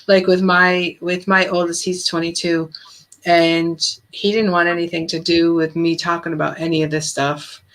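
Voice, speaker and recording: Chatty lady in her 40s hosting a video chat, lowish voice, keeps laughing. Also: little pitch movement, normal speed, a bit bright, low-quality recording. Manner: chatty, laughs often, tells stories. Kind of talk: casual chat.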